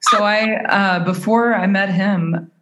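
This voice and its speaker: A woman's voice: mid-range voice, fairly even intonation, slow, fairly bright tone, echoey room. A woman guest on a podcast telling her story in a casual, earnest and rambling way. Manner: earnest, rambling, many fillers. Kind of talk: casual chat.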